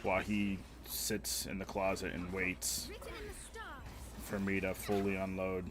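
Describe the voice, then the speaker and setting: Crude joking young male streamer, low voice. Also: monotone, measured pace, music in the background. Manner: crude, joking, rambling, talking to chat. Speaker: live streamer. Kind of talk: casual gaming stream chat.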